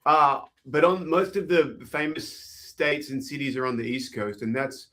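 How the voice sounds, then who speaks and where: A man's voice: mid-range voice, fairly even intonation, a little slow, a bit bright. A man with an Australian accent from the west coast, chatting as a musician guest in an interview, easygoing and rambling with small laughs between thoughts. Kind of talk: casual interview chat.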